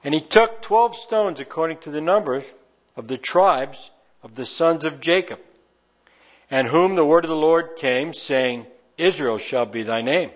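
Unhurried and fairly high-pitched, a man reads scripture aloud one verse at a time. As a Bible teacher, he breaks in with homey, folksy commentary.

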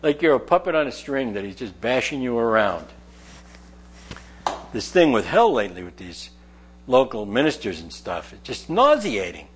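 Animated preacher man with lively pitch. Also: normal speed, slight background noise. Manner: reads scripture then explains it in chatty asides; animated, jokes and laughs with listeners. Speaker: pastor. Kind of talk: sermon.

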